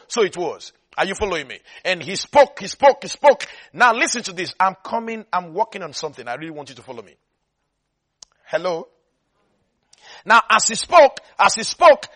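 A man's voice: high voice, bright, forceful tone. A man preaching a sermon, repeating phrases for emphasis and often checking that listeners follow.

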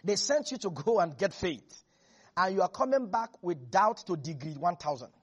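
A preacher, delivering an animated sermon that swings between loud bursts and hushed asides. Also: medium pitch, moderate pace, breathy edge, lo-fi sound. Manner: acts out voices of biblical figures.

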